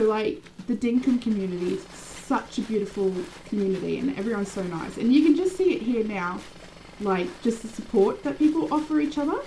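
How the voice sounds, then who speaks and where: A young adult woman streaming a game, chatting casually with viewers by name and rambling through animated stories. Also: on the high side, slight background noise, low-quality recording. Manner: animated, rambling storytelling with many fillers. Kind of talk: casual live-stream chat.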